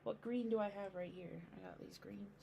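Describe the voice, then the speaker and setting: Chatty woman with a creaky voice. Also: medium pitch, fairly even intonation, normal speed, background noise. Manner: chatty, thinks aloud, mutters to herself. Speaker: painting streamer. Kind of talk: casual live painting tutorial.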